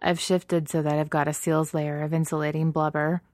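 Raspy weary shapeshifter heroine, read by a woman. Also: low-pitched, flat delivery, normal speed, a little mellow, no echo, lightly acted. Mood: weary teasing. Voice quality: raspy, hoarse.

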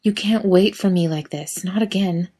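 A woman's voice: fairly low pitch, normal speed, warm tone, slightly rough. A woman reading aloud, voicing a hotheaded young male athlete who argues with his boyfriend in a raised, demanding tone. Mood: heated.

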